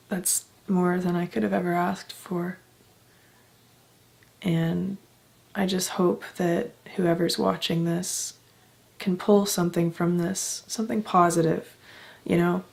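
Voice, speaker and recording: Slow, gravelly-voiced young woman vlogging. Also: fairly low pitch, darkish tone. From Canada. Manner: emotional, heartfelt, swears casually. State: emotional, close to tears. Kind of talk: candid personal vlog.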